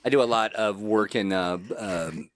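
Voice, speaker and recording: A man's voice: on the low side, normal speed, dry recording. A man chatting casually as a guest on a livestream, joking, laughing and asking questions. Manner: jokey, laughs often, asks questions. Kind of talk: casual chat.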